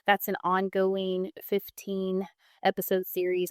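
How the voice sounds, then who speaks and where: A woman's voice: mid-range voice, fairly even intonation, measured pace, fairly bright tone, no room sound, studio quality. Playful woman podcast host. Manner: joking, playful interjections. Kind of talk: casual podcast chat.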